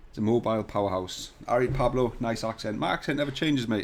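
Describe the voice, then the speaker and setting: A man hosts a casual live tutorial stream from a hotel room. He chats and jokes with his viewers and swears freely. His voice sits at a middling pitch, picked up by a desk mic with no pop filter. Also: fast, vocal fry, a little hiss or hum. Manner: chatty, jokey, swears casually, talks to viewers. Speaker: CAD tutorial livestream host. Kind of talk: casual livestream chat. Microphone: desk mic without shock mount or pop filter.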